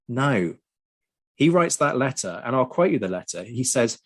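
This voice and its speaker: A man explaining history in a casual chat, lively and prone to ranting. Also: medium pitch, fairly quick. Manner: lively, ranting, frequent ums. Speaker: podcast co-host.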